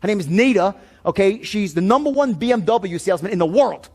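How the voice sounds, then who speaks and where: A middle-aged man giving a sales seminar, telling stories in an animated, blunt way full of profanity. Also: high voice, brisk. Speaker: sales trainer. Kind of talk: seminar talk.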